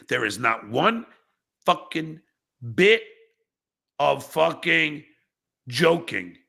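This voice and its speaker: Gravelly, animated man ranting as a podcast host. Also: high-pitched. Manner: angry, profane, bursts into shouting; reads viewer chats aloud with mocking replies. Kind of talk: livestream rant at chat commenters.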